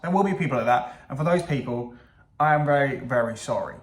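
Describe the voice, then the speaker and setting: Guy ranting about the news, sarcastic, swears a lot, bit high voice, echoey room. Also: fairly quick. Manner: sarcastic, swears, laughs at own jokes. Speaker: YouTuber reacting to news clips. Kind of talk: casual reaction commentary.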